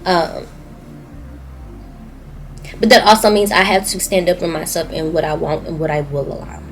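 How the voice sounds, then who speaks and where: A woman's voice: on the low side, moderate pace, slight background noise, poor audio. Candid young woman with a Southern US accent. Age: young adult. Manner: candid, emotional, speaking to viewers. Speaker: YouTuber. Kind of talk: personal video diary.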